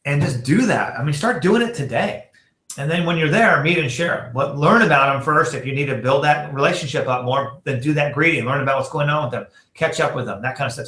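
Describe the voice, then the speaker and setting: A man's voice: medium pitch, lively intonation, fast, pushed and bright, reverberant. A man giving a casual sales training talk, chatty and full of fillers, acting out text message exchanges as he goes. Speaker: network marketing trainer.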